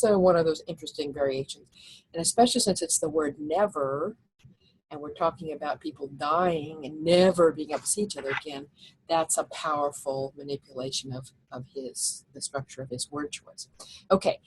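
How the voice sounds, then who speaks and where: A woman's voice: sits low, a little mellow, slightly rough, rough recording. A woman teaching a recorded lecture over slides, explaining step by step with frequent fillers and restarts.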